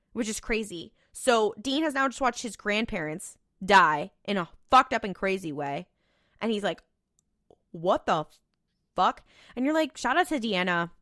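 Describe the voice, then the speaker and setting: A woman's voice: medium pitch, pushed and bright, no echo, clean studio sound. A young woman co-hosting a casual rewatch podcast, recapping scenes with playful voiced quotes. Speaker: podcast co-host.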